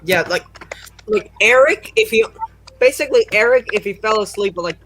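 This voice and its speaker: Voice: medium pitch, big pitch swings, normal speed, fairly bright tone. Laid-back joker on a noisy call. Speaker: call participant. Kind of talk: casual group call chat.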